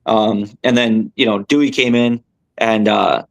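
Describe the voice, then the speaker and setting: A young adult man with a gravelly, lowish voice tells a fishing story at a slightly slow pace. He's a tournament angler appearing as a guest on a podcast, casually storytelling in an animated, rambling way full of fillers and self-corrections.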